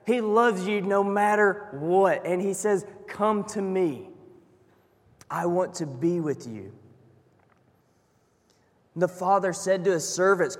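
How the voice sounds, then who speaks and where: A man giving a sermon, telling the story earnestly and moving between hushed and emphatic delivery. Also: high voice, slow, long pauses, long reverb tail. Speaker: preacher.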